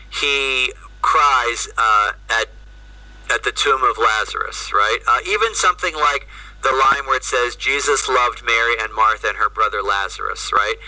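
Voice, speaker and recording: Male priest, lecturing remotely over a video call, bright, edgy tone, off-mic, chatty with "right?" tags. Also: mid-range voice, no echo, distant mic, rough recording. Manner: conversational, frequent "right?" and "you know". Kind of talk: lecture to an audience.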